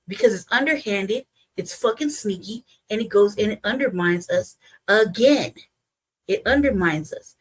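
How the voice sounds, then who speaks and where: Heated, husky-voiced woman ranting. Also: mid-range voice, lively intonation, normal speed, poor audio. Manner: heated, profane, emphatic ranting. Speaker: host. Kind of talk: reaction commentary.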